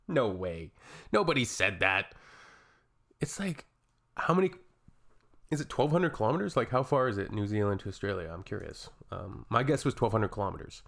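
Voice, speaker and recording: Gravelly Canadian man, sarcastic. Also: fairly low pitch, expressive, normal speed. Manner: sarcastic, wry. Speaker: reaction video host. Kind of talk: reaction commentary.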